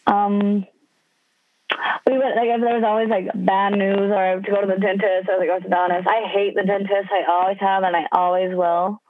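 A woman's voice: mid-range voice, flat delivery, moderate pace. Chatty young woman over a phone line. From Wisconsin, USA. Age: 20s. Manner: chatty, lots of "like" fillers. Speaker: guest. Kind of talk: casual storytelling. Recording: dry phone-line sound.

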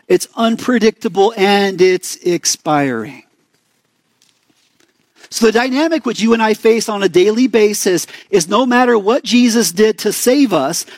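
Young guy with an arizona accent giving a chatty sermon, fairly high voice, dry close sound. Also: no echo. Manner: conversational, asks the congregation questions. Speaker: pastor.

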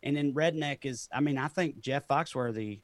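A man's voice: mid-range voice, normal speed, no echo. A man with a Southern Tennessee accent, a comedian talking loosely and often laughing in an interview. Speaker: comedian guest. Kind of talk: casual interview chat.

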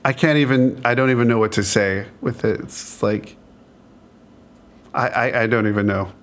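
A male podcast co-host chatting casually and making light fun of himself. He often stammers and restarts his sentences, and he speaks at a middle pitch. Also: moderate pace. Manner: self-deprecating, joking, stammering restarts. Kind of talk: casual chat.

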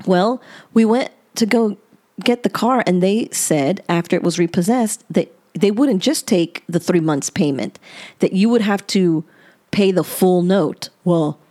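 A woman hosting a podcast, telling a personal story in a casual, animated way, her pitch jumping up at the dramatic moments. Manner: animated, chatty, with sudden rises in pitch. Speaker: podcast host.

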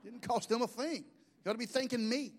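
A man's voice: extremely high pitch, a little fast. A middle-aged man, preaching a sermon in a folksy, joking storytelling way. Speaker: pastor.

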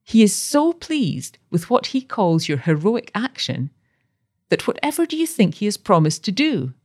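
Woman narrator as a devoted young wife, fussy and gleeful, lively pitch. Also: normal speed. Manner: coaxing, bright storytelling.

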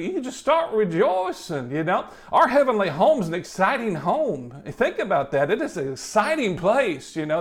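A man's voice: high-pitched, creaky. A male preacher giving a folksy, upbeat sermon, often adding "you know" and chuckling between points.

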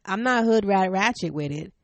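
A middle-aged woman hosting a parenting podcast, telling a family story in a frank, animated way, laughing often. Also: mid-range voice, normal speed, no echo. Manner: stern, frank. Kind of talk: personal storytelling.

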